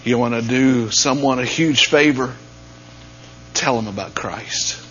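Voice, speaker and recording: A man preaching a sermon, dropping to near-whispers and then rising to loud, emphatic peaks. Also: mid-range voice, unhurried. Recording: dull lo-fi sound with faint mains hum.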